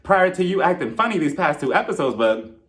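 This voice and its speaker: A man hosting a casual, gossipy recap vlog of a reality show, animated and quick to laugh. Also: fairly high pitch. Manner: animated and gossipy, laughs often, slips into voices.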